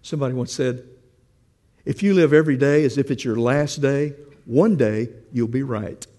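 A man's voice: medium pitch, normal speed, dark tone, big-room sound. A man preaching a sermon, telling a story and asking the congregation questions in a conversational way.

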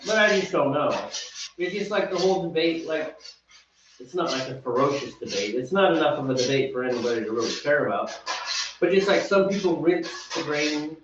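A man's voice: on the high side, expressive, brisk. Joking man chatting while home-brewing. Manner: rambling, joking, trails off mid-thought. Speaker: homebrewing video host. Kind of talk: casual chat while brewing. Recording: roomy, distant, dull and noisy home recording.

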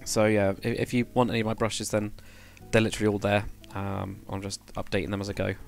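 A man's voice: lowish voice, monotone, quick pace, creaky, soft background music. A man casually chatting on a game livestream, thinking aloud while building and answering chat. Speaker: game streamer.

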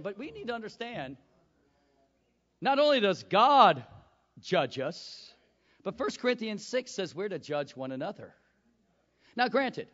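High, bright-voiced preacher man, shouting. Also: in a large hall, highs cut off. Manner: emphatic, swings from quiet asides to shouting; calls out to the congregation for amens. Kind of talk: sermon.

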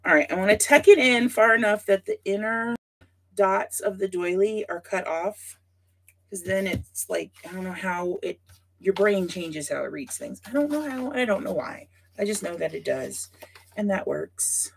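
Chatty woman with a gravelly, lively voice. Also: mid-range voice, moderate pace, a little hiss or hum. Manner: chatty, talks to viewers by name while working; thinks aloud with frequent asides. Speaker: host of a scrapbooking livestream. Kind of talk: casual livestream chat while crafting.

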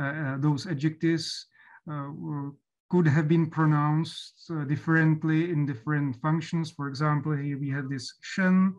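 Hesitant, higher-voiced male lecturer. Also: darkish tone. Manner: hesitant, many fillers and restarts. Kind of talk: academic lecture.

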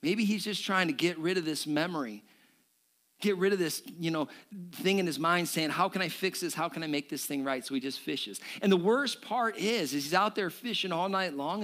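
A male pastor giving a sermon, animated and joking with the congregation. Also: high-pitched, moderate pace. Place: church service.

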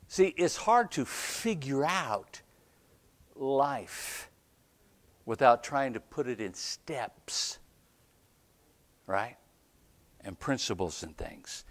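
A man preaching a storytelling sermon as a pastor, animated, often checking in with "right?" and laughing between lines. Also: medium pitch. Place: church.

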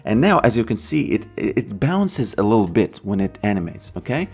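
A man talking through a software tutorial step by step, chatty and pleased with his own results. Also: lowish voice, big pitch swings, normal speed, faint music behind. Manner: chatty, self-approving asides; put-on Russian accent in part. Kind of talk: screen-recorded software tutorial.

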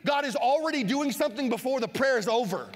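A pastor preaching a sermon, animated, acting out Bible scenes and shouting for emphasis. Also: male voice, very high voice, quick pace. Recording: long hall reverb.

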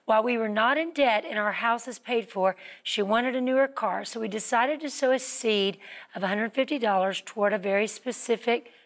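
A woman's voice: on the high side, moderate pace. A woman co-hosting a TV talk show, reading out viewer mail and reflecting on it conversationally with her co-host.

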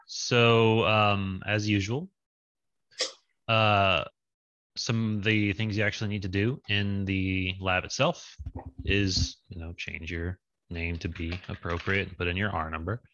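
A man's voice: sits low, level tone, a little slow, fairly bright tone, muffled recording, a little hiss or hum. A man leading an online coding lab over a video call, casual and thinking aloud with many fillers. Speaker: lab instructor. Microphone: video call with screen share.

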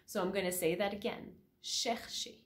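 Slow, patient woman teacher. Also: mid-range voice, lively intonation, fairly bright tone. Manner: patient, repeats words slowly and often checks in with "all right?". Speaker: French teacher. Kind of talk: pronunciation lesson to camera.

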